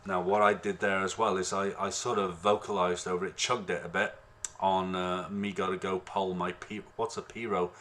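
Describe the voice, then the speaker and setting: A man teaching harmonica in an online lesson, explaining in a relaxed, rambling way with many fillers, speaking into a computer microphone. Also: low voice, moderate pace, over music. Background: harmonica playing.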